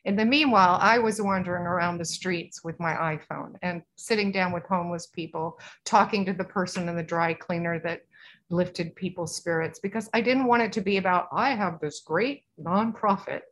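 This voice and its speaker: A woman speaking as a podcast guest, her voice bright and clear. She wanders through her thoughts in an earnest, soft-spoken way, circling back as she goes. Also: lowish voice, normal speed, a little hiss or hum. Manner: rambling, earnest, soft-spoken spiritual talk. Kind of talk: casual interview chat.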